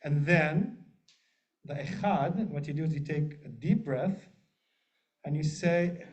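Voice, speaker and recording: Chatty man teaching a class, slightly high voice. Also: a little slow, a little mellow. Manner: chatty, jokey, asks the group often. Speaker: rabbi leading a class. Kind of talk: casual teaching with humor. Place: synagogue classroom with a group. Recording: muffled lo-fi room recording.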